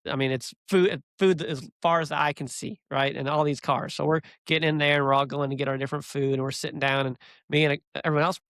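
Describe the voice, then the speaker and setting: A man guesting on a business podcast, telling stories in an animated, energetic way on a close mic. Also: a little high, no room sound. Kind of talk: casual podcast conversation and storytelling.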